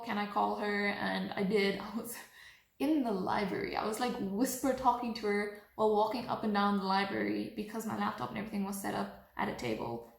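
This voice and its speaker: A young woman telling a storytime vlog in an animated way, acting out what people said. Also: medium pitch, creaky. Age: young adult. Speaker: vlogger. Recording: echoey room.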